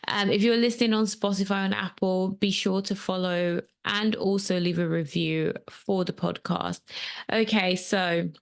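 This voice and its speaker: On her solo coaching podcast, a woman with a gravelly, mid-range voice speaks unhurriedly with fairly even intonation. She is a podcast host and transformational coach whose casual, rambling talk is peppered with ums, recorded on a home camera setup.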